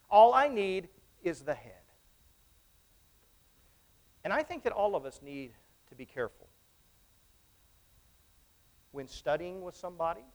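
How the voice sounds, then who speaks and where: A man preaching a sermon to his congregation in church, emphatic and repetitive, often asking them questions. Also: high voice. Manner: emphatic, repeats phrases, asks the congregation questions.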